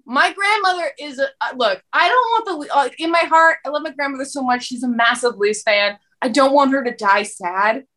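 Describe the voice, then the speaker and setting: High-voiced woman riffing comically. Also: fairly quick, hardly any pauses. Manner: animated, profane comic riffing. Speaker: comedian guest. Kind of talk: casual podcast chat.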